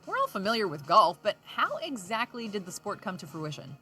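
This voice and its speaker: Woman narrating a top-ten list, bright sharp voice, bouncy delivery, soft music under it. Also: mid-range voice, wildly swooping pitch, a little fast. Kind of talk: scripted narration.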